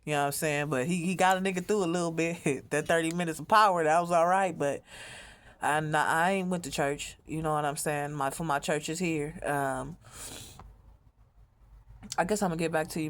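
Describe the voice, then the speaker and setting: A woman's voice: sits low, steady tone, normal speed, slight background noise. A woman speaking in a rambling, profane monologue as a mother telling her own story, often repeating herself. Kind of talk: emotional monologue to camera.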